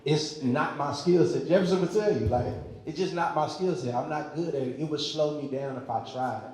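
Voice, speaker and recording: A man's voice: fairly high pitch, normal speed, a little mellow. A man on a panel speaking to a live audience, with a confident and emphatic salesman's delivery. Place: large hall at a community event. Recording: very echoey hall.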